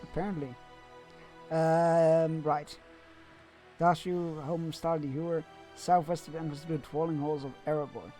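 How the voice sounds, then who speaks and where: A man's voice: fairly high pitch, level tone, unhurried, dark tone, faint music behind. A man streaming a game, chatting casually with viewers and often stumbling over his words. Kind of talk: casual gameplay commentary.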